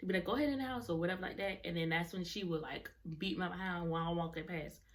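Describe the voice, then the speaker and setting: A woman's voice: lowish voice, level tone, fast. A young adult woman vlogger telling a personal story in casual, rambling talk, often correcting herself mid-sentence. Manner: rambling, self-correcting, colloquial.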